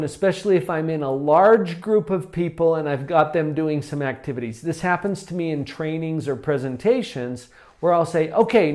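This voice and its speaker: A man presenting a countdown of classroom behaviour strategies in a calm, measured teaching tone, acting out quoted speech with sudden jumps in pitch. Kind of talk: scripted countdown talk.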